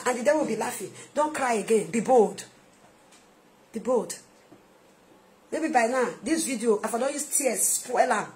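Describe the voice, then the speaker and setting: High-voiced Nigerian woman preaching. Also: expressive, brisk, a little hiss or hum. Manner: emphatic and repetitive, swinging between soft asides and loud outbursts. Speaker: minister. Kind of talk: sermon-style video exhortation.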